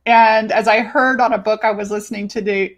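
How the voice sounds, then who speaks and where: A woman coach hosting her own podcast, talking casually with lively emphasis and free swearing. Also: on the high side, a little fast. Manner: animated, chatty, swears freely, stretches words for emphasis. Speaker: life and business coach, podcast host.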